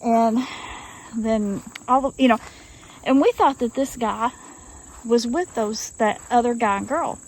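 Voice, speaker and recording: A woman's voice: on the high side, unhurried, rough recording. A woman telling a story to her viewers in a folksy, drawling way, recorded outdoors in rural woods. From Arkansas. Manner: folksy, drawling, addresses listeners as y'all. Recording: faint outdoor noise. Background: crickets and insects.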